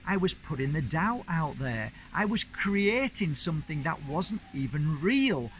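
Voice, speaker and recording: A man's voice: fairly high pitch, sing-song, unhurried, fairly bright tone, a little hiss or hum, low-quality recording. A man hosting his own channel, telling a personal story in a chatty, rambling, enthusiastic way. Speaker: crystal channel host. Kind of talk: casual storytelling to camera.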